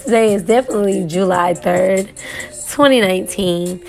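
A hoarse young woman who has lost her voice, chatting casually as a tarot podcast host and talking to her listeners directly. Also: mid-range voice, normal speed, faint music behind. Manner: chatty, addresses listeners with "okay?" and "y'all".

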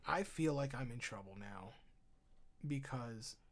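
A man's voice: medium pitch, animated, a little slow. A man co-hosting a podcast in casual chat, self-deprecating and often laughing at himself. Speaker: podcast co-host.

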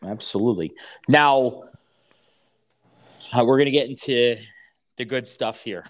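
A man's voice: mid-range voice, unhurried. Podcast host guy, blunt, swears, eggs his guest on. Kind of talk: casual interview.

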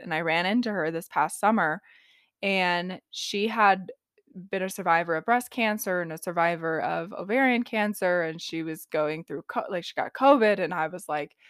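A woman's voice: fairly low pitch, fairly bright tone, clean tone, dry recording, studio quality. A young adult woman hosting a solo podcast, talking casually with lots of "like" fillers and the odd swear. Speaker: podcast host and intuitive reader.

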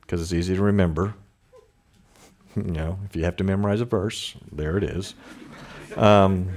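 A man's voice: low voice, fairly even intonation, normal speed, long pauses, a little mellow. A man preaching a conversational sermon, with informal asides and chuckles. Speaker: pastor.

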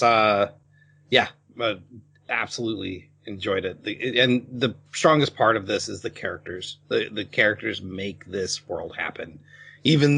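A man co-hosting a casual podcast, giving his relaxed opinions on an anime with a few restarts and filler words. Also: mid-range voice, vocal fry. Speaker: podcast co-host. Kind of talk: casual review chat.

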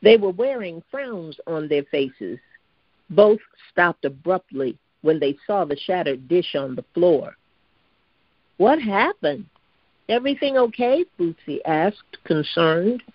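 A woman's voice: low voice, takes it slowly, slightly rough, dry recording. Woman reading a story aloud, dry sound. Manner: steady, even reading with occasional stumbles. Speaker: narrator. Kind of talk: storybook narration read aloud. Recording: dry, slightly dull lo-fi recording.

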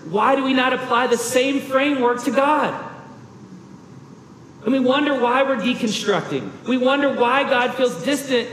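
A man's voice: very high-pitched, a bit bright, roomy sound, long reverb tail, a little hiss or hum, rough recording. A man preaching a sermon as a pastor, earnest and emphatic, with rhetorical questions.

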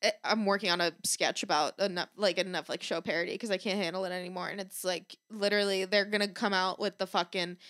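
A woman co-hosting a casual chat show, animated and swearing freely, acting out the people she quotes. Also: fairly low pitch, fast, hardly any pauses, no echo, studio quality. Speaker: podcast co-host.

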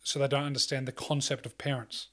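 Guy rambling casually, lots of likes and um, swears a bunch, mid pitch. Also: flat delivery, quick pace, bright, forceful tone. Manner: rambling with many fillers and swearing; acts out quoted lines in a loose voice. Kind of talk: casual chat.

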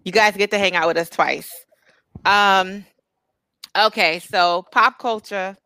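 A woman's voice: mid-range voice, slow, bright, forceful tone, clean tone, no room sound. A young adult woman co-hosting a podcast, chatting casually in a blunt, profane way. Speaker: podcast co-host. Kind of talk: casual chat.

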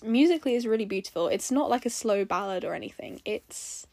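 A woman's voice: mid-range voice, fast talker, few pauses, a little mellow, no echo. A woman breaking down a song in a casual, emotional way, rambling with fillers and restarts. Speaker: music reviewer.

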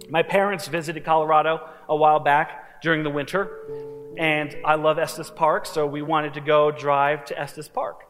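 A man's voice: on the high side, level tone, normal speed, fairly bright tone, in a large hall, faint music behind. A young man from New Jersey preaching a sermon in a conversational way, with casual fillers. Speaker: pastor. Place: church.

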